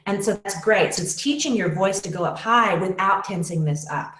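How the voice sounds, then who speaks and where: In a webinar singing lesson, a woman explains exercises and demonstrates them with brief sung syllables. Her voice is medium-pitched and slightly bright, her pace moderate, and the room she's in gives the recording a noticeable echo.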